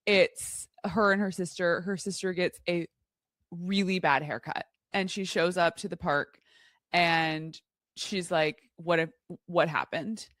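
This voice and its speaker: A woman's voice: on the low side, fairly even intonation, slow, fairly bright tone, dry recording, clean studio sound. A woman co-hosting a casual chat show, telling a story with gasps, laughs and lots of enthusiasm. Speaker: co-host.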